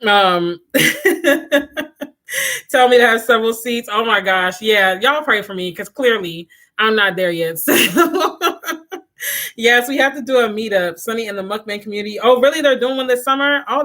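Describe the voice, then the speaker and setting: A young adult woman hosting a casual livestream chat, animated and laughing often as she talks straight to her viewers. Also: fairly high pitch, normal speed. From Washington, DC area. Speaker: livestream host.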